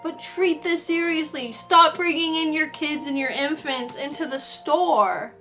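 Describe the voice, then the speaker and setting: A young woman in her twenties chats through a storytime vlog, exasperated and full of "like." Her voice sits high and bright with a crisp edge, and faint music plays underneath. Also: unhurried. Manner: chatty, exasperated, many "like" fillers. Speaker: retail worker.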